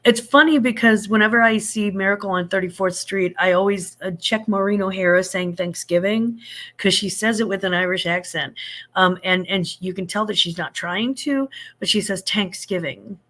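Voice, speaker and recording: A woman's voice: medium pitch, moderate pace, fairly bright tone. A woman in her fifties hosting a casual live-stream chat. She rambles happily with lots of fillers and restarts, and greets viewers with pet names like sugar and honey. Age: 50s. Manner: affectionate, greets viewers with endearments.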